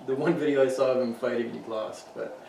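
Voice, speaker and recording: A man's voice: mid-range voice, quick pace, creaky. A man co-hosting a podcast, chatting casually with lots of swearing and laughter. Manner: profane, laughing, animated banter. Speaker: podcast co-host. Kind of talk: casual chat. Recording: echoey room, mic at a distance, faint hiss.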